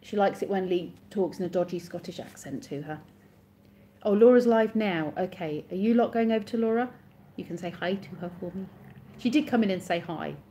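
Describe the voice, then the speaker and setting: A chatty woman in her thirties talks casually to viewers on a live stream, reading out their comments and replying to them. Her voice is mellow and warm. A faint hum of noise sits behind her. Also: on the low side, brisk.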